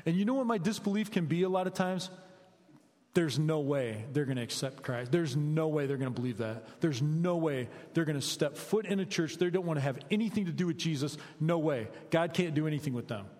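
A middle-aged man preaching a conversational sermon, energetic and quizzing his listeners with questions. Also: on the high side, a little fast. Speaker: preacher, high school basketball coach. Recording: long hall reverb.

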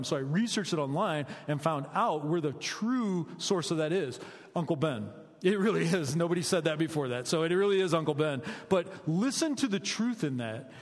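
A middle-aged man delivers a sermon in a lively, conversational way, tossing questions out to his listeners. His voice sits a little high. The sound carries a long reverb from a large hall. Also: moderate pace. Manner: energetic, conversational, asks the audience questions. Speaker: preacher, high school basketball coach.

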